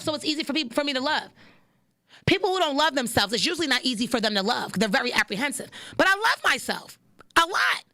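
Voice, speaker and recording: A young woman with a voice that sits high hosts a podcast, delivering a casual, animated preaching monologue and repeating lines for emphasis.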